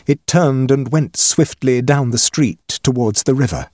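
A man narrating a ghost story in an expressive audiobook reading. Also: medium pitch, a little slow, dry recording, studio quality.

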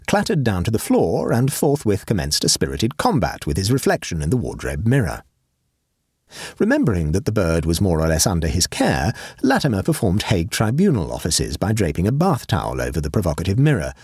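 A man narrating a classic humorous short story in a wry, measured manner. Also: lowish voice, a little mellow, slightly rough, no room sound, clean studio sound.

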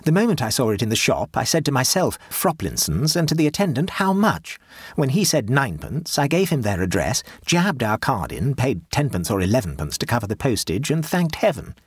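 A man's voice: mid-range voice, big pitch swings, brisk, breathy edge, no room sound. A man reading aloud and voicing a weary, sardonic Edwardian society wife, in a raised voice with tired defiance and dry wit. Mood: wearily defiant.

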